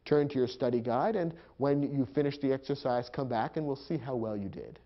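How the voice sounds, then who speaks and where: In a recorded lecture, a man with a medium-pitched voice teaches grammar at a brisk pace, walking through punctuation rules one step at a time and naming the marks aloud. The audio sounds dull.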